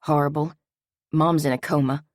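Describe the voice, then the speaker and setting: A woman's voice: low voice, steady tone, moderate pace, no room sound, studio quality, lightly acted. A woman reading the part of a grieving, frightened man who talks in a raw, weary, hurt way. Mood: scared.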